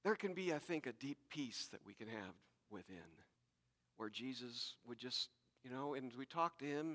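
A man's voice: medium pitch, expressive, normal speed, pushed and bright, in a large hall. A man preaching a sermon to his congregation, talking conversationally with repeated words and asides. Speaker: pastor.

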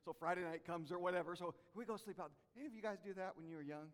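A male pastor preaching a sermon, animated and drawing the congregation into call-and-response. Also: high-pitched, rapid-fire. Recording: long hall reverb.

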